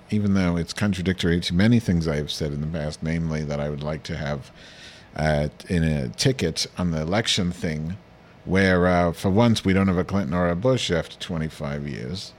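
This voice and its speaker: A man hosting a comedy podcast, telling a crude, meandering story in a deadpan, filler-heavy monologue. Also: low voice, normal speed. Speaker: podcast host.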